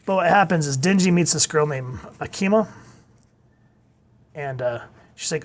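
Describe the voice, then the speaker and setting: A man giving a casual video review of a comic, retelling it excitedly with gasps and exclamations. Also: a little high, normal speed, long pauses. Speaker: manga reviewer.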